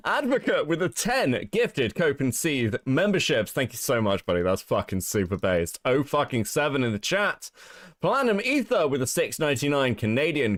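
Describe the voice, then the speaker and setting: A man's voice: mid-range voice, normal speed, dry recording, studio quality. A man hosting a casual livestream, reading out donations and mocking posts with lots of swearing and laughter. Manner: animated, profane, reads out donations. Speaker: livestream host.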